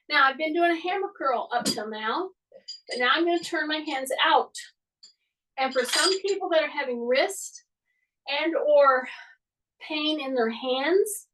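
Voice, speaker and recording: A woman fitness instructor talks you through a workout in a high voice. She counts and cues at a slow, constant pace. The recording is made a little way off from the mic. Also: far from the mic, poor audio. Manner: steady, even coaching cues. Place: home workout space.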